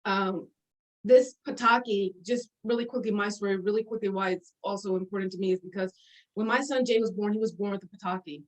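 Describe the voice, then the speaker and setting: A woman in her forties telling old stories in a casual conversation, animated and often breaking into laughter, with lots of fillers. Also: medium pitch, a little fast, rough recording. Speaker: guest sharing memories.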